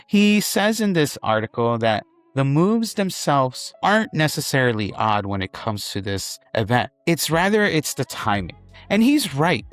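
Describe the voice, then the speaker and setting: A man hosting an online wrestling news commentary, speaking emphatically and repeating phrases for weight. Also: medium pitch.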